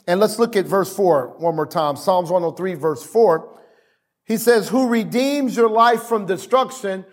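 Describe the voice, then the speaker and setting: A man preaching a sermon as pastor, repeating phrases and calling on the congregation to answer back. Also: sits high.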